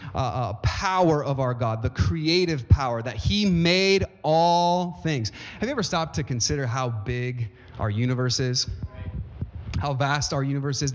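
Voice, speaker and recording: A man preaching a sermon as pastor, speaking emphatically and often asking the congregation questions. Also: mid-range voice. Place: church sanctuary. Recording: long reverb of a church hall.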